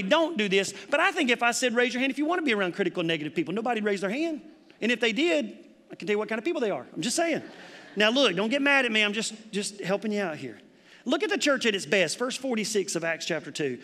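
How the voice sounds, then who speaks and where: Man, pastor, emphatic sermon, high bright voice, church hall reverb. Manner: emphatic, conversational preaching with rhetorical questions. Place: church sanctuary.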